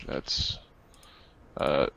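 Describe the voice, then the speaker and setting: A man's voice: drawn-out words, bright, forceful tone, muffled recording. A man playing a tabletop game, chatting hesitantly with lots of fillers. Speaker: player. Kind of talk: casual chat at a gaming table.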